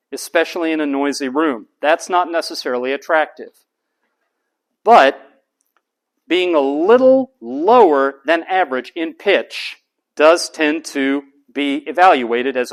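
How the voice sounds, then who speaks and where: A man, a college lecturer giving a deliberate lecture and repeating key terms slowly. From United States. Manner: demonstrates voice types, drops to flat low monotone for examples.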